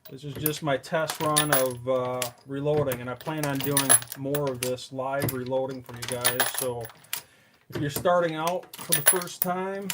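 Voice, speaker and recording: A man's voice: mid-range voice, fairly even intonation, measured pace, very noisy. A man hosting a casual live stream from his reloading bench, chatting with viewers while he works with his hands.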